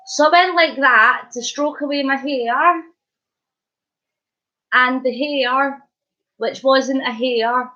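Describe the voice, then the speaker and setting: A Scottish woman chats on her live stream in a slightly high voice, playful and animated as she answers comments and spins a story. The audio is dull and lo-fi, like a cheap stream mic. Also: slow pace, long pauses. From Scotland. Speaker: livestream host. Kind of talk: casual live-stream chat.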